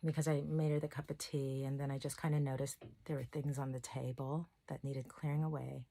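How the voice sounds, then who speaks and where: Low-voiced woman vlogging candidly. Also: flat delivery, fairly quick, mellow, no room sound. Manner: candid, rambling, emotional storytelling. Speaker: self-love coach and channel host. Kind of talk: casual personal vlog monologue.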